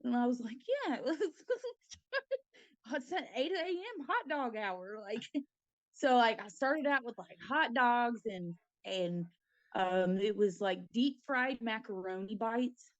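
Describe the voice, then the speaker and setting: A woman's voice: on the high side, animated, measured pace, low-quality recording. A woman co-hosting a casual talk show, telling stories in a chatty, giggly way. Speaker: co-host. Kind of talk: casual chat.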